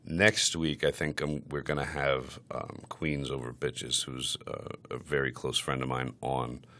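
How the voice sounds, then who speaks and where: A man's voice: a bass voice, little pitch movement, measured pace, pushed and bright. A man hosting a podcast, talking in crude casual chat with a brash, mock-aggressive, profane manner. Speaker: podcast host.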